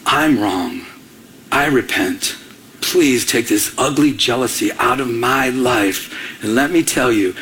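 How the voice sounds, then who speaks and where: A man's voice: a little high, a bit bright. A middle-aged man from Michigan preaching a sermon, telling a personal story in a conversational way and acting out the dialogue. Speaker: pastor.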